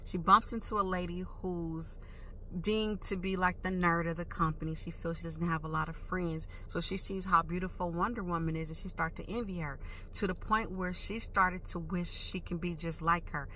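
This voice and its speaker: A woman vlogger telling a story in a casual, animated way, full of emphatic slang and sound effects like "boom" and "whoop.". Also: normal speed, a little hiss or hum.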